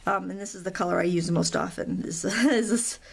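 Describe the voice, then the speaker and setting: A woman's voice: lowish voice, a little fast, gravelly, breathy edge. A middle-aged woman hosting a real-time coloring tutorial at a craft table, chatty and rambling, with self-deprecating asides.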